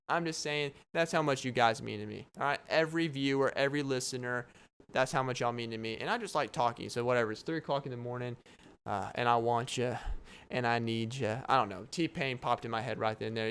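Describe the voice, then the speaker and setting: A man's voice: medium pitch, a bit bright, clear, resonant tone. A young man hosting a casual solo podcast late at night, rambling, joking and breaking into laughs. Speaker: podcast host. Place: home at night, downstairs apartment.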